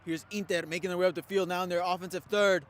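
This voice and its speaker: Brief: high-voiced male play-by-play caller for amateur football, hiccuping, faint outdoor noise behind. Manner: quick, excited calls that drop to a quiet aside. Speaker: play-by-play commentator. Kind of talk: live amateur football commentary.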